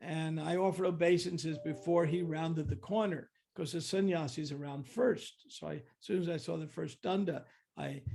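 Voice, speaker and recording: An older man, a guest speaker, tells stories reflectively, frequently restarting and acting out what people said. His voice is a little high and creaky, with a darkish tone.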